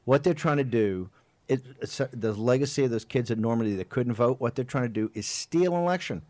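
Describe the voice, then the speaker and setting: A man's voice: medium pitch, a little fast, darkish tone, no room sound. A man hosting a political talk show, delivering an impassioned, rambling monologue full of emphatic repetition. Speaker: host.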